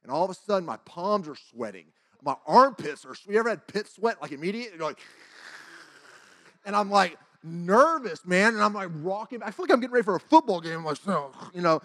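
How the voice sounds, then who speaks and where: A man in his forties tells a church testimony in a casual, animated way and acts out the dialogue. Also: high-pitched, a little fast. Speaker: church speaker. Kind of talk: testimony storytelling.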